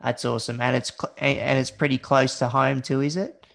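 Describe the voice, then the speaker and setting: A man's voice: mid-range voice, fairly even intonation, fairly quick, creaky, a bit bright. An Australian man hosting a podcast interview, chatting casually and hesitantly, calling his guest "mate". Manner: friendly, says "mate", hesitant. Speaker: podcast host.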